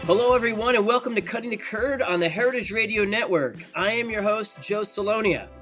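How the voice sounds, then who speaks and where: A man with a New Jersey accent hosts a relaxed interview, speaking on the higher side for a man. He is enthusiastic and playful, joking easily with his guest. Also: a little fast, over music. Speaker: podcast host. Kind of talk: casual interview chat.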